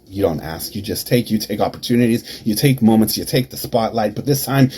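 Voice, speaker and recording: A man cutting a taunting wrestling promo, dropping to hushed whispers and then rising to shouts. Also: on the low side, lively intonation, normal speed, a little hiss or hum. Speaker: promo performer.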